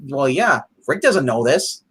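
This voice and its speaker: A man co-hosting a casual comic review chat, excitable and rambling, often restarting his sentences. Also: medium pitch, measured pace, breathy edge.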